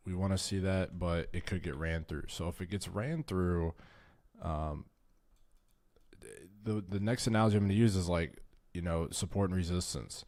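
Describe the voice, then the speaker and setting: Tired and low on caffeine, a trading stream host talks through charts at a moderate pace in a low, darkish voice with lively intonation. He's casual and profane, tripping over his words, and there's no echo.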